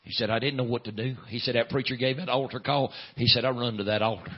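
A man preaching a sermon in a folksy drawl, filling pauses with "uh", swinging from loud preaching to hushed storytelling. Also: mid-range voice, steady tone, slightly rough. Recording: dull lo-fi sound.

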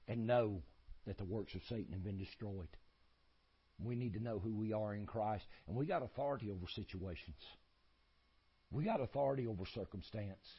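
A man's voice: on the low side, breathy edge, dull audio. A man preaching a sermon, folksy and emphatic, repeating his points in a rising cadence.

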